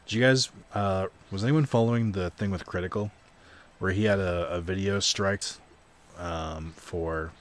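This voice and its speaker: A young man chatting loosely over a card video game stream, voice sitting a bit low. He rambles and pokes fun at himself, dropping the odd swear word. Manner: rambling, self-deprecating, swears casually. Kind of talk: casual gaming stream commentary.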